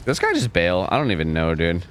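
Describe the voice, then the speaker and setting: A man's voice: deep voice, huge pitch swings, a little fast. Rambling young male game streamer. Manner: rambling, lots of filler "like", swears when frustrated. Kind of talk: casual live gameplay commentary. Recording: clear background noise under the voice.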